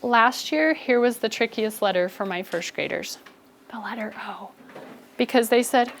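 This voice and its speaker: A woman teaching a first grade spelling lesson, giving brisk, encouraging instructions to her class. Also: a little high, a bit bright.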